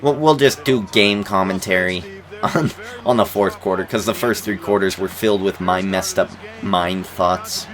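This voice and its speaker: A man's voice: sits low, moderate pace, a bit bright. A man in his twenties rambling casually in commentary over a basketball video game, repeating words and chuckling. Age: 20s. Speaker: gaming YouTuber.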